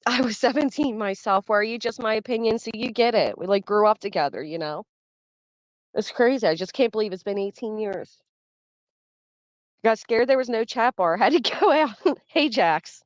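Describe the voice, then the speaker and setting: This host, a woman in her thirties, chats casually on her livestream and greets viewers by name while going through the chat. Her pitch is fairly high and her pace moderate, captured in a dull, dry recording with no echo.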